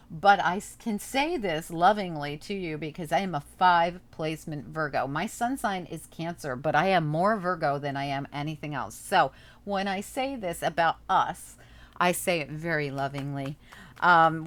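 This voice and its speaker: A woman's voice: lowish voice, moderate pace, a bit bright. A woman doing a casual tarot reading, chatting and thinking aloud as she turns the cards over. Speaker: tarot reader.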